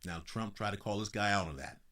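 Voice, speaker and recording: A man hosting his own podcast, talking through political commentary in a casual, animated way, with conversational slang and a few mock announcer asides. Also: lowish voice, a little fast. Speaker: podcast host.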